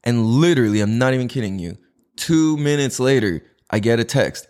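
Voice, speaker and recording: A man hosting his own podcast at home, talking casually to the mic in a slangy, profane, animated way. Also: mid-range voice, brisk. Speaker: podcast host. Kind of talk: casual solo podcast monologue. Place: indoors in a house. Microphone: podcast mic with cameras recording.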